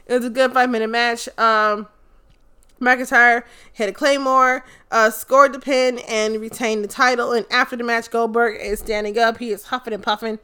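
Bright, blunt young woman vlogger. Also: on the high side, normal speed, clean tone. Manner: animated, blunt, swears often. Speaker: wrestling recap vlogger. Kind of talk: casual profane recap. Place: her apartment.

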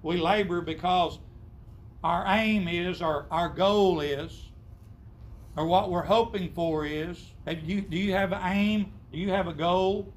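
High-voiced emphatic man preaching. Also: slow, slight background noise. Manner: emphatic, rhetorical questions, quotes scripture. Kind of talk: sermon to a congregation.

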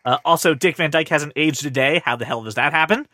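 A man hosting a casual pop-culture chat, animated and joking at his own expense. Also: fairly high pitch, brisk, no room sound, clean studio sound. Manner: animated, joking, self-deprecating. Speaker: podcast host.

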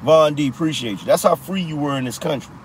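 A man's voice: on the high side, fast talker, a little hiss or hum. A man hosting a live political commentary show, talking in a slangy, repetitive style and teasing his audience. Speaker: podcast host.

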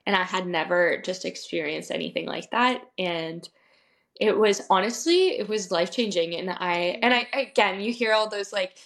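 A woman's voice: mid-range voice, normal speed, fairly bright tone. A young adult woman, a podcast guest, telling her story in a casual, chatty way, full of "like" fillers and small laughs. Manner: chatty, heavy use of "like" fillers, laughs often.

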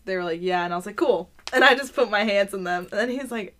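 A woman's voice: medium pitch, quick pace, a bit bright. A woman in her twenties chatting casually on a podcast, blunt and profane, mimicking customers as she vents. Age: 20s. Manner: blunt, profane, mocks customers in put-on voices. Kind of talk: casual chat.

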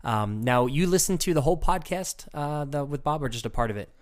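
A man's voice: fairly high pitch, expressive, a little fast. Enthusiastic man hosting a faith podcast. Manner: enthusiastic, rambling, encouraging. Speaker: podcast host. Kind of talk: casual faith podcast chat.

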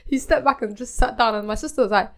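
A woman's voice: a little high, fast, gravelly. A young woman co-hosting a podcast, chatty and telling anecdotes between laughs. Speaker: podcast co-host. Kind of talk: casual chat.

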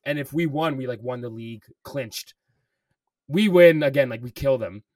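At a normal speed and medium pitch, a slightly mellow young man tells a story as a podcast co-host, cursing often and saying "bro" and "like" all the time. The studio-quality recording is echo-free but taken from a distance.

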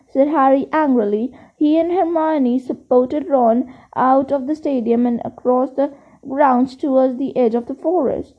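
A woman reads a storybook aloud in a high voice at a slow, careful pace. She stumbles now and then and restarts a word. The recording is dull and lo-fi. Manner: steady reading with occasional slips and restarts. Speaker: reader. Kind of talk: audiobook reading.

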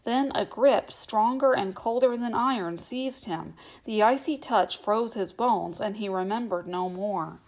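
A woman narrates a novel aloud in a steady, measured storytelling manner. Her voice sits at a middling pitch for a woman, and she reads unhurriedly. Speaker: audiobook narrator.

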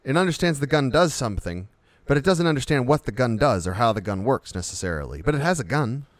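A man's voice: medium pitch, lively intonation, fast talker, no echo. A man co-hosting an unscripted chat, rambling and spinning vivid comic examples. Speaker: podcast co-host.

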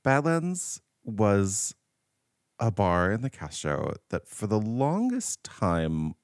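A man with a deep voice that swings widely in pitch tells stories in a casual chat. He's camp and chatty, laughing often, and the sound is dry and close. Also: huge pitch swings, takes it slowly, dry recording.

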